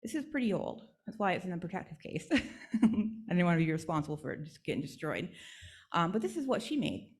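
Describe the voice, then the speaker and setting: A woman's voice: fairly low pitch, sing-song, brisk, breathy edge. A woman speaker at a church service, telling a traditional legend in an instructive, storytelling way.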